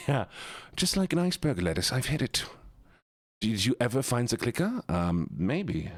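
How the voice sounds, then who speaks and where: Male streamer, playful and chatty, very lively pitch, dry close mic. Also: a little slow, dry recording. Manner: playful, animated, chatty with viewers. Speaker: live streamer. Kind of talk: casual live-stream chat.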